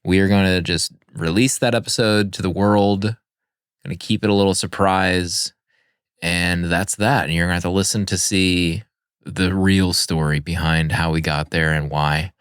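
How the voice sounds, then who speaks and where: A man's voice: sits low, fairly even intonation, normal speed, a bit bright, clear, resonant tone, dry recording, studio quality. A man hosting a podcast, talking casually about a film and wrapping up the episode. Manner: chatty, laughs often, wraps up the show. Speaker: podcast host.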